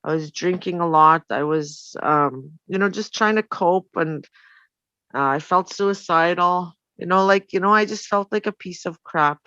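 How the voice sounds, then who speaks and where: A woman's voice: on the low side, unhurried, fairly bright tone, dry recording. A middle-aged woman, frankly telling her life story in rambling speech full of "you know" fillers. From Canada. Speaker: storyteller guest. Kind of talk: personal storytelling. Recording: dull, dry lo-fi recording.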